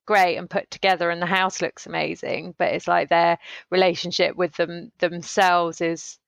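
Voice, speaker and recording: A woman's voice: fairly low pitch, flat delivery, moderate pace, creaky, no room sound. A woman co-hosting a podcast, talking casually in a thoughtful, hesitant way as she searches for words. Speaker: podcast co-host. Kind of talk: casual chat.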